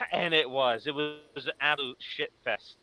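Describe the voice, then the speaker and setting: Bright-voiced man explaining at length. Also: a little high, normal speed, low-quality recording. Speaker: podcast co-host. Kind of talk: casual horror movie chat.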